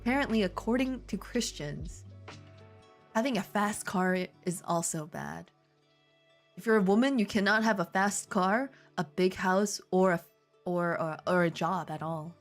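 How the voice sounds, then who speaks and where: A woman's voice: fairly low pitch, a little slow, soft background music. A young woman hosting a comedic fanfic read-through, dropping incredulous, laughing asides between passages. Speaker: host reading fanfic aloud. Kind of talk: comedic reading and commentary.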